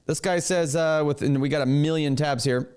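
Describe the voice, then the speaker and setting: A man's voice: a little high, normal speed, clear, resonant tone. Man giving chatty video commentary. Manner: animated, talks to his producer. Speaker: reaction video host. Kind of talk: casual commentary.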